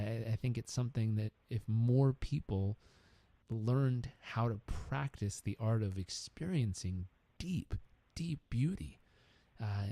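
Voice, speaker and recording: A man's voice: medium pitch, gravelly, mellow, no room sound. A man hosting a podcast interview, talking casually and encouragingly, repeating words for emphasis. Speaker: podcast host.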